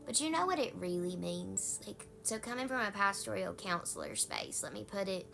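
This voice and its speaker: A woman's voice: medium pitch, sing-song, normal speed, vocal fry, fairly bright tone, faint music behind. A woman pastor with a Southern US accent, giving a folksy, conversational devotional talk.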